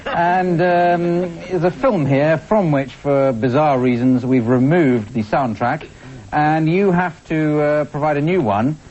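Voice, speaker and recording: A man's voice: fairly high pitch, slow, a little mellow. A man hosting an improv comedy show, introducing games with dry, wry quips. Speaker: host. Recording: dull TV studio recording with audience.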